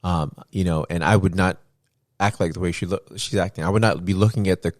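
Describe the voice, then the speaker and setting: A man co-hosting a podcast, retelling events in a rambling, animated way with many restarts. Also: deep voice, a little fast, dry recording, studio quality. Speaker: podcast co-host. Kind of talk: casual podcast chat.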